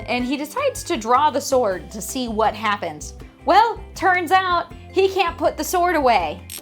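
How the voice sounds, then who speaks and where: A woman's voice: high voice, fairly bright tone. A woman hosting a casual book club recap, chatty with lots of fillers and some swearing. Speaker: host.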